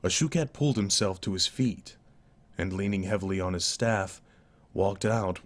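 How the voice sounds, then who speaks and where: A man narrating a novel aloud in a live-streamed dry reading, deliberate and with occasional self-corrections. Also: low voice. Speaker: audiobook narrator.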